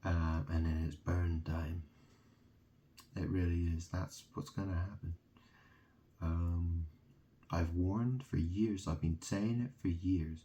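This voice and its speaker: A man's voice: low-pitched, fairly even intonation, slow pace, long pauses, warm tone. A man from England delivering a rambling solo monologue, ranting and mocking, swearing freely.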